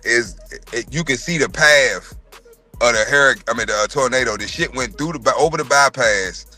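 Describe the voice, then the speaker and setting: Brief: man, casual livestream co-host, bright forceful voice, animated profane storyteller. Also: mid-range voice, normal speed, soft background music. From North Carolina. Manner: animated, profane, acts out quoted voices loudly. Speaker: podcast co-host. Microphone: livestream mic.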